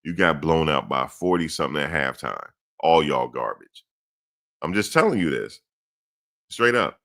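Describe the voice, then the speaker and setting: A middle-aged sports commentary host rants bluntly and blusteringly, repeating his points and speaking straight to the audience. His voice is rumbling low and sing-song, with vocal fry, a fairly bright tone and a moderate pace.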